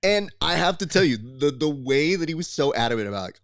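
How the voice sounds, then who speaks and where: A man's voice: medium pitch, lively intonation, fast, hardly any pauses, no room sound, clean studio sound. A man co-hosting a grappling podcast as a coach, telling stories expressively with comic exasperation. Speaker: podcast co-host and jiu-jitsu coach. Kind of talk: animated storytelling chat.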